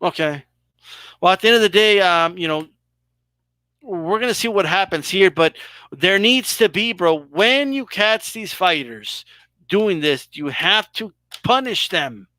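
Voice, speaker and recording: A man's voice: high voice, animated, a little slow, bright, forceful tone, no room sound. A man hosting a live boxing talk stream, talking casually and emphatically, swearing freely. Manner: emphatic, swearing, exaggerated mock reactions. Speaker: boxing show host.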